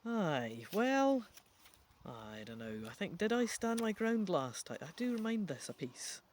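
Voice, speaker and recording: A man's voice: high-pitched, sing-song, a little slow, a little hiss or hum. Man musing through a gamebook. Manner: musing, thinking out loud. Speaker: gamebook reader. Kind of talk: reading a gamebook aloud with chatty asides.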